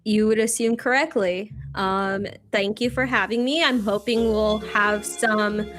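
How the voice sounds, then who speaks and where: A woman's voice: medium pitch, fairly even intonation, measured pace, fairly bright tone, faint music behind, lightly acted. A woman voicing a poised, witty young traveler in a tabletop game.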